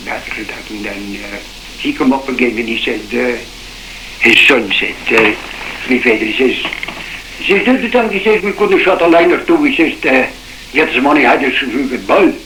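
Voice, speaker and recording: A man's voice: medium pitch, lively intonation, normal speed, pushed and bright. An older man with a Shetland accent, telling an oral history of a fishing disaster, rambling through quoted dialogue with many "he says". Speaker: survivor telling his story. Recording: echoey old cassette tape with faint hiss.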